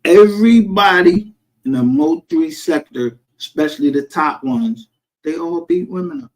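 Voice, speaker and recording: A man's voice: sits high, moderate pace, gravelly, darkish tone, poor audio. A man ranting in a casual livestream commentary, profane, heated and rambling as he calls people out. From northern United States. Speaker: streamer. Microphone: home streaming setup.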